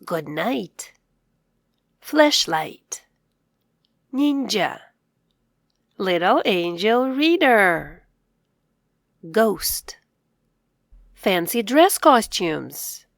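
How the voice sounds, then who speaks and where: Slow, lively woman reading teacher. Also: medium pitch. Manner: says each word aloud, then echoes it in a whisper; slow, clear, encouraging delivery for young learners. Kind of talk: scripted children's reading lesson.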